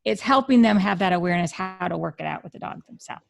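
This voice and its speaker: A woman's voice: on the low side, expressive, fast talker, gravelly, soft background music. A woman being interviewed as a dog communicator, explaining earnestly and often restarting her sentences. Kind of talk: radio interview conversation.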